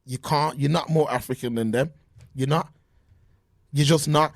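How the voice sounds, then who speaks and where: A man chats about sports on a podcast over a remote call. His voice sits a little high and the sound is dry. He talks in an animated way, often restarting his sentences. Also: moderate pace, no echo. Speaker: podcast co-host. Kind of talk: casual sports chat. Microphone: remote call mic.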